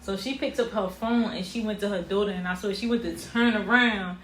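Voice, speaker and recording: A young woman telling a personal story in a casual vlog, animated, with casual slang. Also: medium pitch, brisk. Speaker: vlogger. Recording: roomy echo with faint ambient noise.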